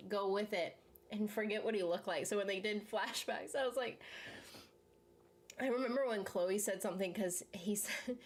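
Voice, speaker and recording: A woman's voice: medium pitch, normal speed. A young woman hosting a casual chat, rambling and filler-heavy, full of "like" and laughs. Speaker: channel host. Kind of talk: casual chat reacting to a series while eating.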